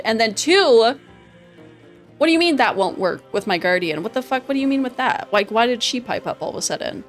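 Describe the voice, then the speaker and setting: Woman streamer, casual gameplay commentary, excitable, swears a lot, laughs often, faint music behind. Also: fairly high pitch, a little fast.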